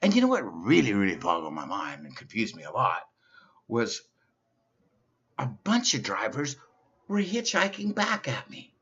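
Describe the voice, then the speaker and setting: A man's voice: lowish voice, huge pitch swings, a bit bright, slightly rough. Guy doing stand-up as a dim simple fella, voice all over the place, muffled lo-fi sound. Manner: slow, simple-minded persona telling silly stories. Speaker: comedian. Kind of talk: stand-up comedy monologue. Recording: dull lo-fi recording.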